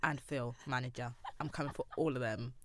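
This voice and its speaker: A woman's voice: extremely low pitch, fairly even intonation, a little fast, background noise. A woman musician in a casual interview, bubbly and laughing often as she tells stories. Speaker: musician guest.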